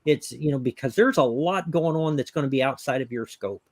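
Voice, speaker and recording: A man's voice: mid-range voice, fairly quick, dry recording. A man co-hosting a live online talk show, speaking in an earnest, reflective way. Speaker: co-host. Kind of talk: casual chat.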